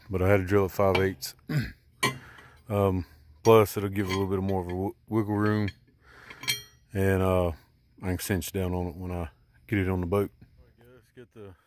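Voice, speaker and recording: A man's voice: sits low, fairly even intonation, normal speed, long pauses, darkish tone, slight background noise. A middle-aged man hosting a DIY video, casually thinking aloud about his work with lots of ums and uhs, recorded outdoors by a boat. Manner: rambling, thinking aloud with many fillers. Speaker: DIY channel host. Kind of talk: casual how-to explaining.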